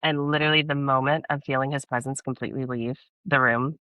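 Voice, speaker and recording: A young woman from Texas, a podcast guest, earnestly telling a personal story in a casual interview, animated and laughing often. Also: a bass voice, fast, dry recording, narrow, tinny audio.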